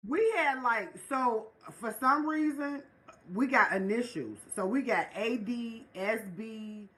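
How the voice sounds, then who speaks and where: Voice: medium pitch, takes it slowly, sharp tone, husky, poor audio. A podcast co-host speaking emphatically in casual chat, cursing freely and asking questions. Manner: emphatic, profane, asks questions.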